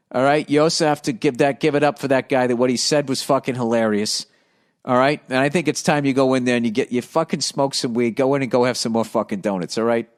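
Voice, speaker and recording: A middle-aged man hosting a podcast, reading listener mail and riffing on it in a profane, sarcastic rant. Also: mid-range voice. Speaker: comedian podcast host.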